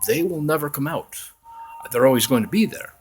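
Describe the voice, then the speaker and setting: A patient, wise father, as a storyteller puts him on, talking in a calm, gentle, slightly raised voice while he teaches his son. The tone stays low-key and kind, with faint chanting behind. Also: a little fast, soft background music, close to an everyday voice.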